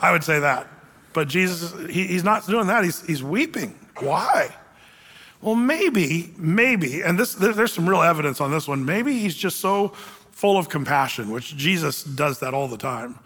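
A man's voice: on the high side, lively intonation, unhurried, fairly bright tone, husky, big-room sound. A man preaching a sermon in a casual, conversational way, with joking asides. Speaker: pastor.

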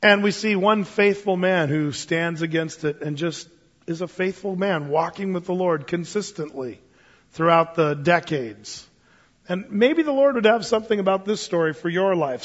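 A male pastor with a high voice preaches a Wednesday-night-style sermon, animated and enthusiastic, slipping in fillers and chuckles. The sound is dull and muffled, with a long reverb trailing off the church walls.

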